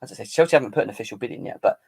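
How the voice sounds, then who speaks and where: A man's voice: fairly low pitch, lively intonation, rapid-fire, gravelly, husky. Boisterous man hosting a fan stream. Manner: boisterous, teasing banter, chanting. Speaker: fan channel live-stream host. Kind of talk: casual live-stream football chat.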